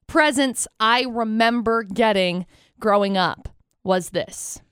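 A woman co-hosts a radio show from the studio, bluntly pushing back on her partner with firm opinions. Her voice is high. The studio microphone sound is dry and close. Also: fairly bright tone, clear, resonant tone, no echo. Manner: blunt, opinionated, quick to object. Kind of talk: casual morning radio banter.

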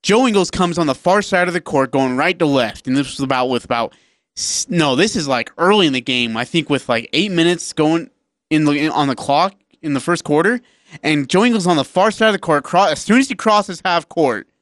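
A man co-hosting a sports radio show, telling game stories in a lively, casual way. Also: on the high side, no echo, clean studio sound. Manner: animated storytelling, acts out players.

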